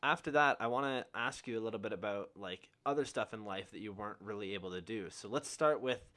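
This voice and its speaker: A man's voice: lowish voice, fairly quick, sharp tone. A young man hosting a podcast in casual chat, laid-back and encouraging, full of "like" and "um". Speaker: podcast host.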